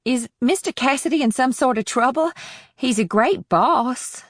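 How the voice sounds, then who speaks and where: A man's voice: extremely high pitch, animated, measured pace, a bit bright, no echo, studio quality, voice pushed up, full character voice. A man voicing a nervous young woman bar hostess in an audiobook, timid and hesitant.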